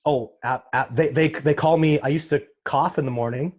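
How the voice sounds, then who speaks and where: Speaking quickly with hardly any pauses, a Canadian man in a casual interview talks about being a sasquatch researcher. His voice is on the high side, and he tells his stories with earnest emotion and many restarts.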